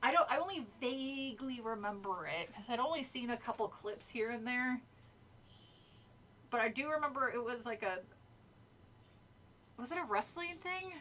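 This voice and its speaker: A woman's voice: a little high, bright, forceful tone, a little hiss or hum. A woman streamer reading a book aloud and chatting casually with her viewers, laughing often and swearing freely. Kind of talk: casual read-along with chat.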